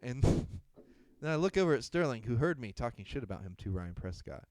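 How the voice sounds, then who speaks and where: A man's voice: mid-range voice, sing-song, moderate pace, a little mellow, dry recording. A young man co-hosting a podcast, telling a story in casual chat, laughing often and swearing freely. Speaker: podcast co-host.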